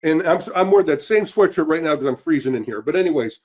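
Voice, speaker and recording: A man in his fifties hosting a live webinar sales pitch, upbeat and greeting listeners by name. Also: lively intonation, fast talker, darkish tone, lo-fi sound. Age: 50s. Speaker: webinar host. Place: cold indoor room.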